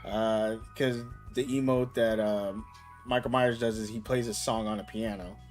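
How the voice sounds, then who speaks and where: A man in his thirties, host of a casual chat show, talking loosely and getting loud and worked up when he rants. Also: fairly low pitch, a little slow, soft background music. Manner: animated, gets loud and excited when ranting. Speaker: podcast host.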